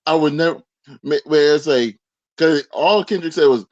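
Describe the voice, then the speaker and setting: A man co-hosting a casual podcast who cuts in with quick, sarcastic remarks. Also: fairly high pitch, darkish tone, dry recording, dull audio. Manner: rapid, sarcastic interjections. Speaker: podcast co-host.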